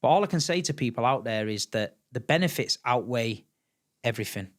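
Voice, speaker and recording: A man's voice: mid-range voice, a little fast. A middle-aged man from England, a podcast guest chatting casually and acting out the voices in his stories. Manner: animated storyteller, acts out quotes, repeats words. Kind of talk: casual chat.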